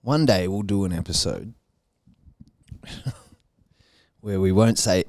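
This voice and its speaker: A young Australian man co-hosting a podcast, relaxed and sweary as he tells stories. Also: low voice, slow pace, no echo. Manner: laid-back, sweary storyteller. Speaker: podcast co-host. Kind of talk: casual chat.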